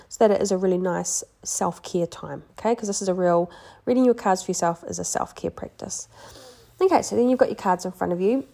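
A young woman gently teaching how to read oracle cards in a chatty, relaxed way with many fillers and restarts. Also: mid-range voice, vocal fry. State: pregnant, yawning. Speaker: card reading teacher. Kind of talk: casual instructional talk.

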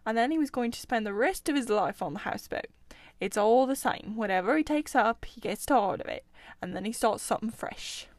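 A woman's voice: a little high, lively intonation, a little fast, no echo. A woman voicing a cheerful, chatty male water rat in a storybook reading. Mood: gossiping.

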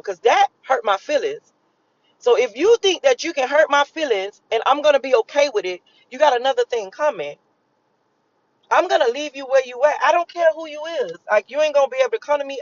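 A woman's voice: high voice, dry recording, dull audio. Woman in a rambling, profane monologue. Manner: rambling, emphatic and profane, with repetitions. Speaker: vlogger giving a spiritual channeling reading. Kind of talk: casual spoken monologue.

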